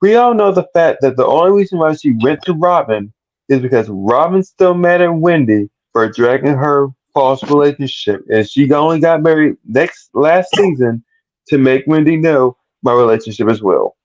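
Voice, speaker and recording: A man in a casual reality-show recap chat, building his argument point by point in a steady way. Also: on the high side, normal speed. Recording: muffled lo-fi sound.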